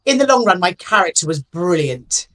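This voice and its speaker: A woman's voice: lowish voice, big pitch swings, normal speed, crowd noise. Chatty self-deprecating actress guest, woman. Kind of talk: casual interview chat.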